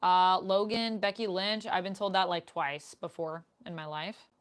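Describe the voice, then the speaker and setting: A woman's voice: lowish voice, steady tone, a little slow, smooth. A young woman streamer chatting casually with her viewers in a live Q&A, reading out their comments as she goes. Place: home room, indoors. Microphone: desk microphone.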